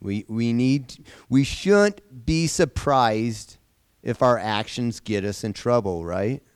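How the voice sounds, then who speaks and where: Man teaching a bible study, unhurried, smooth voice, dry close sound, asks the group questions. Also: medium pitch, expressive, no room sound. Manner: conversational, asks the class questions, repeats phrases. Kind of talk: informal Bible lesson to a group.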